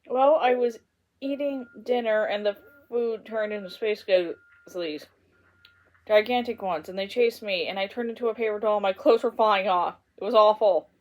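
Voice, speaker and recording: A woman voicing an excitable young boy bear cub in a storybook, panicky and breathless. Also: mid-range voice, moderate pace, close to an everyday voice, poor audio. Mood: panicked.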